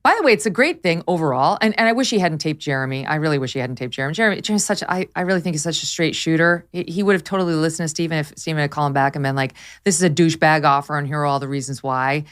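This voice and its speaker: Woman podcast host, low-pitched, emphatic and animated, opinionated casual chat on a studio mic. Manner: emphatic, quick, animated with laughs.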